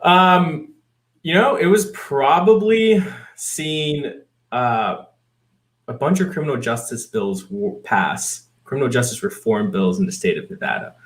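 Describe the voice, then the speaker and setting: A man's voice: medium pitch, expressive, unhurried. A man appearing as a guest activist, answering interview questions in an easygoing, hesitant way.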